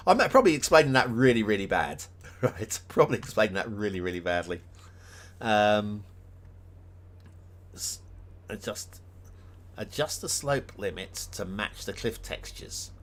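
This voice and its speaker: A man with a fairly low voice talks loosely on a live stream as he reviews game maps. He thinks out loud, trails off into ums and restarts, and keeps chuckling at himself. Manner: rambling, thinks aloud with many ums and restarts; chuckles often, self-deprecating. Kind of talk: casual live-stream chat.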